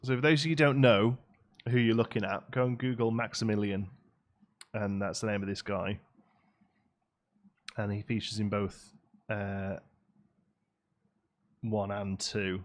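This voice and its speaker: A man talks his viewers through a building game in loose, chatty commentary, stopping to answer chat. His voice sits a little low, with mouse clicks faintly behind. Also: fairly even intonation, unhurried, pauses often. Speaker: game streamer. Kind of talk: casual live-stream commentary.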